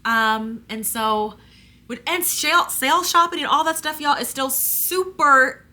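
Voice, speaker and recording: A woman talking casually to camera, chatty and rambling, with many fillers and restarts, her pitch jumping up when she gets animated. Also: unhurried. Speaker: homesteading vlogger.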